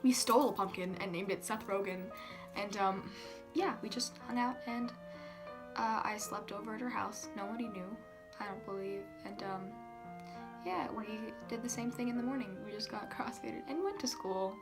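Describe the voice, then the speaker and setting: A young woman telling a storytime tale casually. She swears a lot, fills her talk with "like", giggles and sometimes drops to a hush. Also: medium pitch, moderate pace, over music. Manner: giggly, profane, filler-heavy, hushed at times. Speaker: vlogger.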